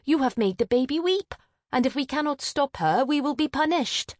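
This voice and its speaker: A woman's voice: mid-range voice, lively intonation, a little slow, no echo, clean studio sound, lightly acted. A woman voicing a proud, vain eldest sister who speaks sharply and impatiently.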